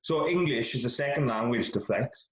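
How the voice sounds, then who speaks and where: A man's voice: mid-range voice, animated, moderate pace. A Welsh man chatting casually on a podcast and patiently explaining things. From Wales. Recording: dull echoey room with crowd.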